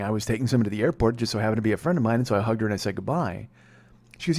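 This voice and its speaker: Excitable, profane man in his 40s. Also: lowish voice, racing, gravelly. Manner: profane, excitable, laughing at his own story. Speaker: podcast host and comedian. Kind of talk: comedic storytelling monologue.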